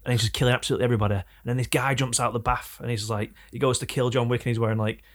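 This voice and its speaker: A man's voice: mid-range voice, very fast. A man chatting casually about films, retelling scenes with acted-out gunshots and quotes. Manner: animated storytelling, acts out gunshots and quotes. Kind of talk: casual chat.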